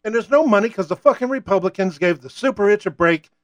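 A man's voice: high voice, expressive, quick pace, dry recording, lo-fi sound. An American man delivering a profane, worked-up political rant as a talk-show host. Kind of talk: ranting political monologue.

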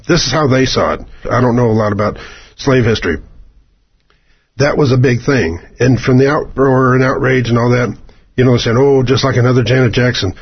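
A husky, slightly breathy male voice, mid-pitched, holding forth in a rambling, sarcastic radio monologue. The sound is dull and lo-fi, like an old broadcast, and he wanders off into asides as he talks. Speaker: radio commentator. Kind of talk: opinion monologue.

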